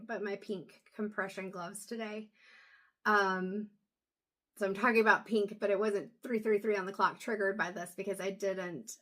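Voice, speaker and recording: Soft-spoken woman, halting and tired. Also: mid-range voice. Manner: soft, halting, many pauses and ums. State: low on energy. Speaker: intuitive reader. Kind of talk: casual talk to camera.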